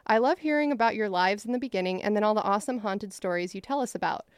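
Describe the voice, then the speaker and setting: A woman's voice: mid-range voice, quick pace, clean tone, no room sound, studio quality. A woman co-hosting a podcast, reading listener mail aloud with playful asides. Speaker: podcast co-host.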